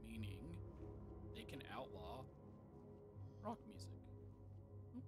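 Man, casual game commentary, lively up-and-down delivery, music playing behind. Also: mid-range voice, moderate pace, pauses often. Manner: casual, musing asides. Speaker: gamer. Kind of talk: let's play commentary.

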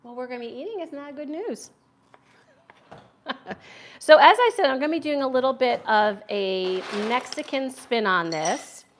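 A cooking channel host with a voice that sits high speaks at a moderate pace, animated, with slight background noise. She's a middle-aged American woman on a casual livestream from her home kitchen, chatting and answering viewers while she chops.

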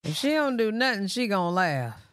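A woman's voice: mid-range voice, sing-song, fairly quick, dry recording, studio quality. A woman hosting a live reaction stream, chatting casually and talking to her viewers as y'all. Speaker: livestream reaction host.

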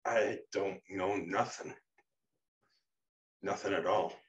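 A man voicing a fifteen-year-old boy alter who speaks quietly, haltingly and near tears. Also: low voice, distant mic, muffled recording, slight background noise. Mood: lost. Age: fifteen as figure. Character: shaken teenage boy alter, lost and tearful.

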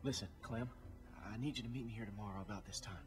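An actor playing a tired young man who has snuck in to help captives, talking in a hushed, urgent and hesitant way. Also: fairly low pitch, fast talker, natural voice. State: exhausted from no sleep. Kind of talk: video game voice acting. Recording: game audio with music behind.

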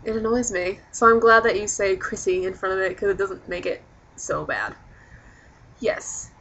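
A woman's voice: medium pitch, moderate pace, sharp tone. A young woman chatting casually in a rambling vlog, sprinkling in swear words. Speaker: vlogger.

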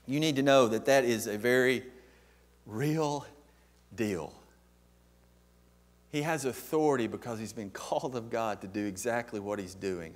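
A man preaching a sermon as pastor, emphatic and posing questions to the congregation. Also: mid-range voice.

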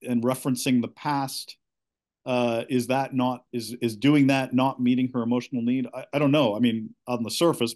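Halting middle-aged man telling his story. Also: medium pitch, a little mellow. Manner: halting, many restarts and repeated words. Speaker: caller seeking coaching. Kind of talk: candid personal account.

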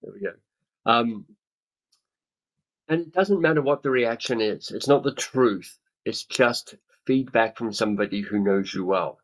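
With a mid-range voice and a measured pace, a man in his fifties leads a coaching webinar on a video call, captured by his webcam in low quality. The author and speaker talks keenly and plays out the reactions of other people.

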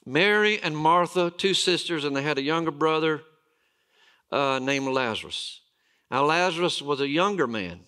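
A man, a lead pastor, preaching a sermon as a storyteller, with dramatic pauses and emphatic repetition. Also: fairly high pitch, pushed and bright.

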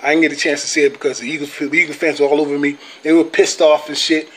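A man's voice: fairly high pitch, little pitch movement, quick pace, fairly bright tone, a little hiss or hum. A man ranting at rival sports fans on his channel, profane and taunting, repeating himself with short tags like "bro" and "okay". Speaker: sports vlogger, Cowboys fan. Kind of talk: heated fan rant to camera.

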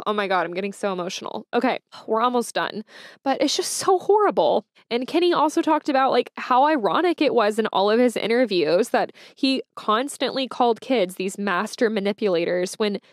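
A woman's voice: mid-range voice, dry recording, clean studio sound. A woman hosting a solo true-crime podcast, talking in a conversational, emotional and indignant way. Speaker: podcast host.

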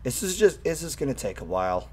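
A young man streaming a game, chatting casually, swearing often and squealing with excitement at thrilling moments. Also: mid-range voice, fast, husky. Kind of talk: casual gameplay commentary.

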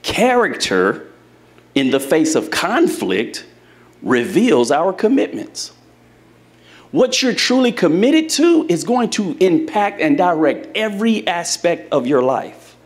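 A man's voice: sits high, big pitch swings, slow. A man preaching a sermon to a live congregation in church, speaking to them directly and telling folksy, humorous stories. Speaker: pastor.

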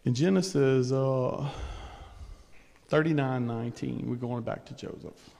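A man's voice: medium pitch, unhurried, vocal fry, dark tone. A man preaching a sermon in a loose, conversational way, with asides and chuckles. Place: church sanctuary. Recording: long church reverb.

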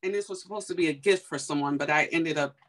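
A young woman from Chicago telling a personal story in a casual, animated way, full of fillers and acted-out quotes. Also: sits low, fast. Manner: animated, heavy on fillers, acts out quoted dialogue.

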